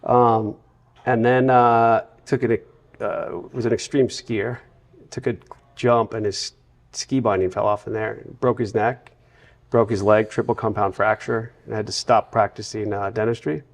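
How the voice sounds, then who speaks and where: A man from the United States, a guest in a casual interview, telling long run-on anecdotes with a relaxed storytelling manner. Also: on the low side, measured pace, vocal fry. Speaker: podcast guest.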